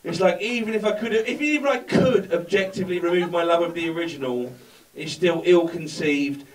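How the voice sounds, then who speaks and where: A man's voice: sits high, fairly quick. A man doing a sardonic stand-up routine on a club stage, rambling through his story. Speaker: stand-up comedian. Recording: echoey room, far mic, background noise.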